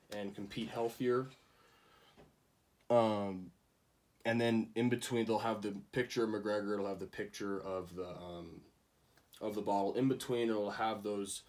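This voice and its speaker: A man's voice: fairly low pitch, recorded from a distance. Young man presenting, a bit off-mic. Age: young adult. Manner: casual, many ums, restarts. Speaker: student presenter. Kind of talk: class project presentation.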